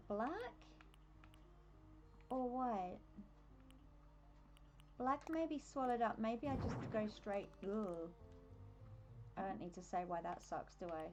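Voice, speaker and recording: A woman's voice: mid-range voice, darkish tone. A woman with an Australian accent chatting casually on a live game stream, easily sidetracked and amused at herself. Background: faint game music.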